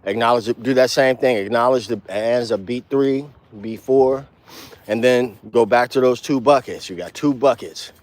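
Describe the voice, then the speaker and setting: A man teaching bass in a casual walk-and-talk outdoors, talking blunt street slang with cursing and counting beats out loud. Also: normal speed, no room sound. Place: outdoors, walking.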